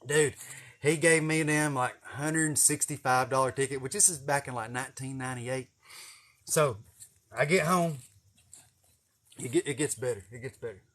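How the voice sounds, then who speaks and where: A man's voice: mid-range voice, normal speed, fairly bright tone. A man, telling a personal story to camera in a folksy, profane, chuckling way. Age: 40s.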